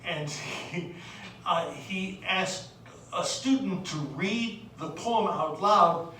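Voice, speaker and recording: A woman from the United States lecturing on literature, unhurried and hesitant, filling pauses with "uh" and reading verse aloud. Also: fairly low pitch, bright, forceful tone, a little hiss or hum. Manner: unhurried, hesitant with many fillers, reads poetry aloud. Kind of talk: recorded lecture. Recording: very echoey room, distant mic.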